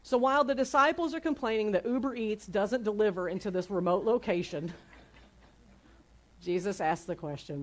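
A woman's voice: mid-range voice, moderate pace. A woman pastor preaching a sermon in a casual, conversational way, retelling a story with playful asides.

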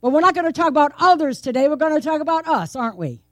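A woman's voice: high-pitched, very animated, fast, dry recording, studio quality. A woman preaching a sermon in a conversational, playful way, tossing out rhetorical questions and laughing often. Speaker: pastor. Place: church.

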